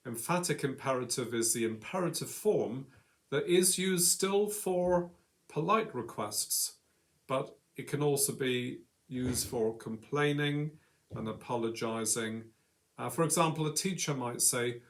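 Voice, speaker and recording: A man's voice: mid-range voice, measured pace. A man co-hosting an English lesson in an ordinary mid-range voice. He explains each grammar point patiently. When he gives the sample commands, he leans on them with authority. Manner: acts out example commands with strong emphasis. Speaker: English teacher.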